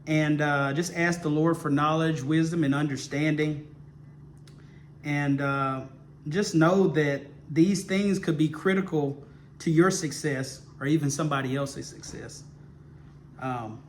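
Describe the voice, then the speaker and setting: A man retells a Bible story and draws its lesson in an informal teaching. His voice sits somewhat high for a man, and he speaks at an unhurried, drawn-out pace. He repeats himself often and keeps asking "okay?" to check his listeners follow. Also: slight background noise. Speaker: ministry teacher.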